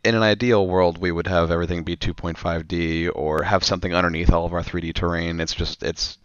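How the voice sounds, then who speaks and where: Fast-talking deep-voiced co-host, muffled mic. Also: male voice, level tone, a bit bright, smooth, no echo. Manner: quick, repeats himself. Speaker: podcast co-host and event organizer. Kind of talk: casual roundtable chat.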